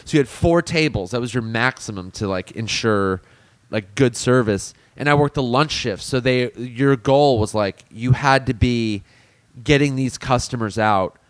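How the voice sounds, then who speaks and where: A man co-hosts a casual podcast, spinning a long, profanity-laced story about his old job. His voice sits at an ordinary middle pitch. The recording is dry and close, with no room sound. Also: normal speed, no room sound. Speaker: podcast co-host.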